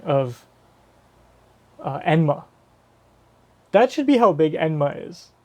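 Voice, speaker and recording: Mellow-voiced man riffing on a manga chapter. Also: on the high side. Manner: rambling, swears casually, thinks aloud. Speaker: manga reaction streamer. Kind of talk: casual live reaction commentary.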